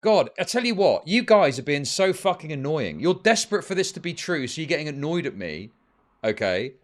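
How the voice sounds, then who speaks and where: A man's voice: fairly high pitch, big pitch swings, brisk. A man streaming live commentary, ranting at his chat in heated, profane bursts. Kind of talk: livestream commentary.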